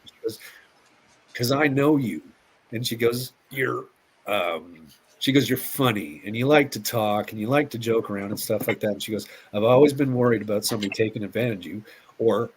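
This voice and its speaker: A man's voice: mid-range voice, husky. A middle-aged man, a police officer, telling stories as an interview guest, often repeating words and acting out quotes. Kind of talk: casual storytelling interview.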